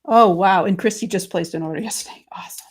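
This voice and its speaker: A woman's voice: medium pitch, fast talker, husky. A woman hosting a live papercrafting stream, chatting casually with viewers and reading their comments while she works. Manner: chatty, reads viewer comments aloud, excitable. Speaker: host of a live crafting stream.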